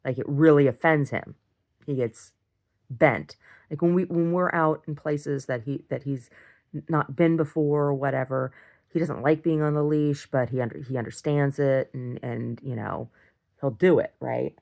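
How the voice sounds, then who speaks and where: A woman recording a casual video diary, rambling through an animated story and acting out what others said. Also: extremely low pitch, normal speed, creaky. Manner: rambling, animated retelling with acted-out quotes. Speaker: video diarist.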